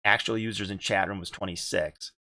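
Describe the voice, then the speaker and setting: A man's voice: sits low, fairly even intonation, fairly quick, pushed and bright, dry recording. A man hosting a casual gaming podcast, rambling and repeating himself, with casual swearing. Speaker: podcast host and streamer.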